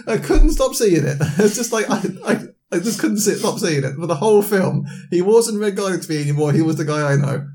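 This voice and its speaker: A man's voice: high-pitched, lively intonation, a little fast, hardly any pauses, a little mellow. A man co-hosting a podcast, teasing his friend, laughing a lot and stumbling over his words in casual chat. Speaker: podcast co-host. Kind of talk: casual chat about books and films.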